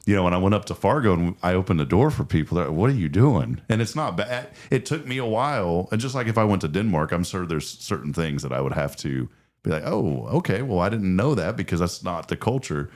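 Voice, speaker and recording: A man with a raspy voice, hosting a casual morning chat show. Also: low-pitched, lively intonation, fairly quick, darkish tone. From Texas. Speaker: host.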